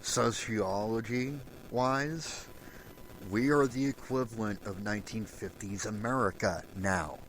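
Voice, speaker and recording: A man hosting a solo show, delivering an angry, profane rant and raising his voice to a shout at times. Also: on the low side, slow pace, slight background noise, low-quality recording. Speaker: podcast host.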